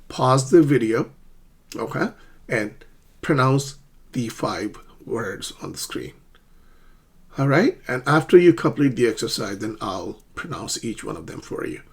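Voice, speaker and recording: A man teaching an English pronunciation lesson, speaking slowly and deliberately and exaggerating the stressed syllables. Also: medium pitch, big pitch swings, gravelly, slightly rough.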